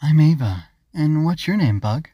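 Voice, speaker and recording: A man's voice: fairly high pitch, lively intonation, moderate pace, husky, no room sound, lo-fi sound, pitched above the performer's own voice. Man putting on a timid little girl. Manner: timid, whispery. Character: small young girl, shy and scared at bedtime.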